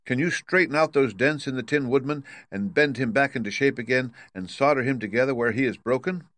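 A man's voice: medium pitch, brisk, a bit bright, no echo, pitched above the performer's own voice, close to an everyday voice. A man voicing a polite, anxious young girl in a storybook reading.

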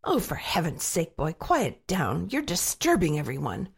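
A woman voicing a brisk, scolding female parrot in a children's storybook. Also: fairly low pitch, wildly swooping pitch, creaky, slightly rough, full character voice.

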